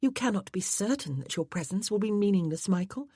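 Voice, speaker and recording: A woman voicing a gentle, sensible young wife who speaks in a soft, coaxing way. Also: mid-range voice, lively intonation, a little fast, slightly rough, dry recording, clean studio sound, voice pushed up.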